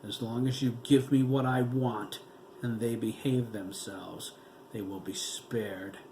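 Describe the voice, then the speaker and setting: A man's voice: medium pitch, fairly even intonation, slow, a little mellow, a little hiss or hum. A man playing a cold, menacing officer. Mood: commanding. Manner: threatening, clipped.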